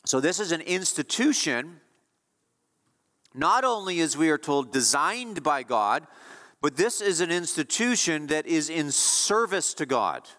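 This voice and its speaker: A man's voice: a little high, sing-song, unhurried, sharp tone, big-room sound. A male pastor preaching a sermon with emphatic delivery, repeating key phrases to drive points home.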